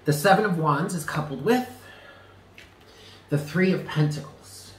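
A man's voice: a little high, measured pace, echoey room, low-quality recording. A man giving a tarot reading, speaking earnestly and stressing points by repeating them. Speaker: tarot reader.

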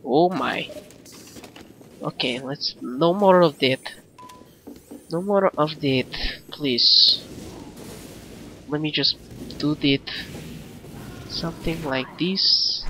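A young man with a put-on Russian accent, commentating his gameplay in excitable, exclamatory, playfully broken English. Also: on the high side, slow, long pauses, a little hiss or hum. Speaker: gaming commentator. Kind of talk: let's-play commentary.

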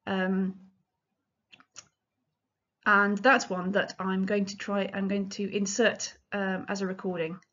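A woman's voice: medium pitch, flat delivery, slow, pauses often, a bit bright. Woman lecturer, talks music history in a loose explanatory way, slightly dull lo-fi sound. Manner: chatty, explanatory, frequent ums and restarts. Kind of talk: illustrated lecture.

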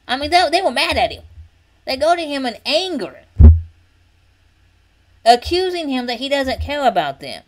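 A woman teaching an informal Bible study in an earnest, repetitive way, often checking in with a quick "okay?". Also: high voice, low-quality recording.

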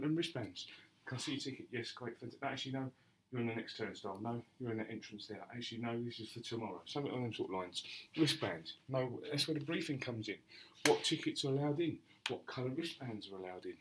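A man's voice: mid-range voice, fairly bright tone, slight background noise, low-quality recording. A man leading a safety training class, talking to the group in a chatty way, often restarting phrases and briefly acting out exchanges with customers. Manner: repeats and restarts phrases, addresses the class directly.

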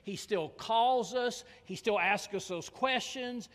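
A man preaching a sermon as pastor in a church, his delivery swinging from raised calls to hushed, near-whispered lines. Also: high voice, takes it slowly. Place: church sanctuary. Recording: long reverb of a church hall.

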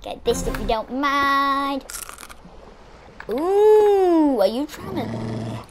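A woman giving excitable, chatty let's-play commentary, exclaiming as she plays. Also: sits high, slow pace, background noise. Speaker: gamer.

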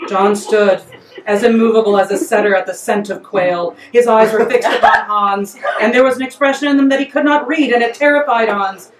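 A woman author reading her comic story aloud in a lively, playful way. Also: a little high, fairly quick, roomy sound, distant mic, noisy background. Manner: lively, playful, breaks into laughter.

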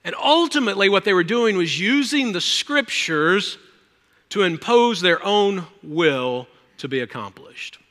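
A male pastor preaching a sermon, swinging between loud, emphatic lines and hushed ones. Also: sits high, lively intonation, measured pace. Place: church sanctuary. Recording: reverberant church hall.

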